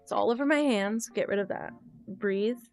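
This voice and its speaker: Over faint guitar music, a young woman streams a game and talks in a candid, rambling way, thinking out loud and replying to chat. Her voice is medium-pitched, creaky and a little mellow, at a moderate pace.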